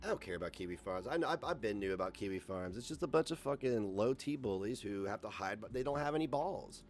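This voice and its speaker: A man on a livestream who rants with plenty of profanity and biting sarcasm. His pitch swings widely as he picks apart his critics, and he sounds combative throughout. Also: lively intonation, quick pace. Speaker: livestream host. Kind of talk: angry ranting livestream.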